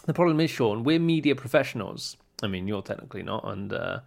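A man's voice: on the low side, lively intonation, quick pace, creaky. A young man chatting on a podcast in a loose, joking way. He teases his co-host, riffs on silly scenarios and pokes fun at himself. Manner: joking, teasing, self-mocking. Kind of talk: casual chat.

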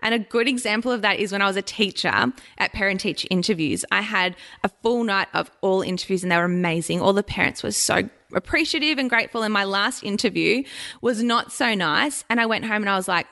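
A woman, a nutritionist and blogger chatting as a guest, expressive and quick to laugh. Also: mid-range voice, creaky. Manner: chatty, expressive, laughs often, animated quoted asides. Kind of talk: casual interview chat.

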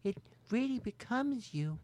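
A man's voice: very high voice, animated, a little slow, darkish tone, dry recording, pitched above the performer's own voice. A man voicing a shapeshifting ghost posing as a flirtatious blonde starlet, cooing breathily. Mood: flirty.

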